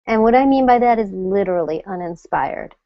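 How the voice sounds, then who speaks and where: A middle-aged woman coaching an online audience on confidence, animated and now and then acting out nervous inner voices. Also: mid-range voice, a little fast, no echo, lo-fi sound. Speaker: confidence coach hosting a live web session.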